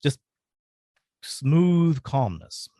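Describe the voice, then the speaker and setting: A man telling a personal story as a podcast guest, earnest and halting, pausing often. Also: on the high side, big pitch swings, dark tone, no room sound, clean studio sound.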